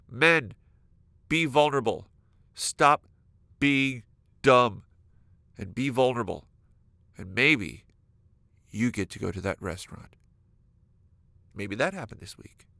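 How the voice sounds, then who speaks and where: Male comedic podcast host, gravelly edge, dry close sound, animated storytelling. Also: medium pitch, dry recording. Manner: animated, exaggerated, acts out imagined dialogue. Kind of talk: comedic solo podcast monologue. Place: California.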